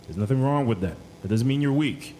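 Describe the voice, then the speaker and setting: A man's voice: medium pitch, lively intonation, brisk, warm tone, a little hiss or hum, rough recording. A man co-hosting a podcast, speaking in a slangy, encouraging way and repeating phrases for emphasis. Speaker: podcast co-host. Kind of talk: casual chat.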